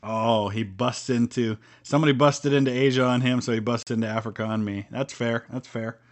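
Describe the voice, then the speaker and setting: A man's voice: mid-range voice, fairly even intonation, a little fast. A middle-aged man from Ohio with a Midwestern American accent, chatting casually on a game live stream, rambling with ums and restarts. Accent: General American Midwestern. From Northeast Ohio, US. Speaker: streamer playing a strategy board game with viewers.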